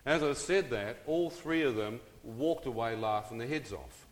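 A man's voice: medium pitch, lively intonation, normal speed. A middle-aged man dramatically telling his own story to an audience, often turning to them with questions and asides. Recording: long reverb of a large hall.

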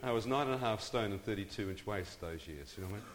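A man's voice: fairly low pitch, expressive, fairly quick, slight background noise. A middle-aged man dramatically telling his own story to an audience, often turning to them with questions and asides. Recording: long reverb of a large hall.

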